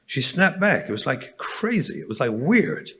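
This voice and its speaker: A man's voice: fairly high pitch, big pitch swings, normal speed, a bit bright. An English man, a rabbi, delivering a storytelling keynote address and speaking directly to the audience. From England.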